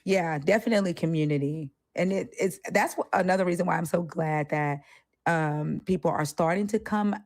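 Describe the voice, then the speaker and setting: A woman's voice: fairly low pitch, no echo. Candid, profane woman co-host. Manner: candid and profane, acts out quoted voices. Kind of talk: casual discussion.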